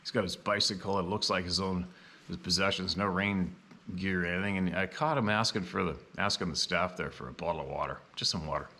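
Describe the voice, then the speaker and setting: A man's voice: sits low, a little fast, sharp tone, a little hiss or hum. A man telling rambling, blunt stories in a casual vlog, swearing now and then. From Canada. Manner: blunt and profane, with frequent asides. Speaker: vlogger.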